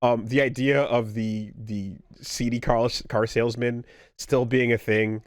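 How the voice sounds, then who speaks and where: Podcast co-host, man, mid-pitched, dry close sound, wry comebacks. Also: fairly even intonation, a little slow, no echo. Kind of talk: casual chat.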